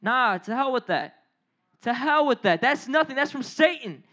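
A young man preaching a youth sermon in an animated, casual way, full of slang and sudden outbursts. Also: very high voice, normal speed. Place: church or youth gathering.

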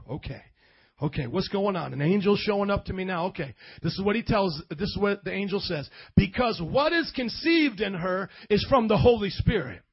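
A man preaching a sermon, calling on the congregation to answer him and building up to shouts. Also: high-pitched, animated, moderate pace, slightly rough, highs cut off. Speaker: pastor.

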